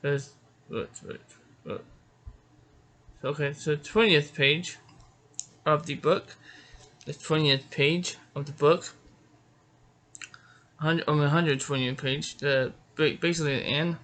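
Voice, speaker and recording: A man's voice: fairly high pitch, fairly even intonation, takes it slowly, long pauses, a bit bright. A middle-aged man from Georgia, a martial arts author, talking casually about himself with many stammers and restarts. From Georgia, United States. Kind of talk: casual self-introduction.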